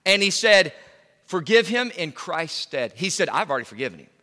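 Middle-aged guy preaching in a church, high bright voice, long hall echo, goes loud then quiet. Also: very animated, moderate pace. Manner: emphatic, voice swinging from loud to hushed. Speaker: pastor. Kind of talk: sermon.

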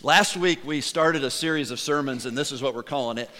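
A man preaching a sermon to his congregation in a church, animated and conversational, joking with the listeners. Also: mid-range voice, fairly quick, in a large hall. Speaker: pastor. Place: church sanctuary.

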